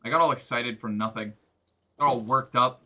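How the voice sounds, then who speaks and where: A man streaming a game, giving excitable, joking commentary with crude humor. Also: mid-range voice, moderate pace. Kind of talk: gameplay commentary.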